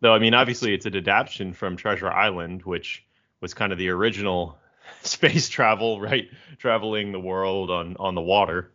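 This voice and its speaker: A man co-hosting a podcast, talkative and upbeat in casual chat. His lowish voice has a bright, forward edge, heard through dull, lo-fi audio. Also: moderate pace. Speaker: podcast co-host.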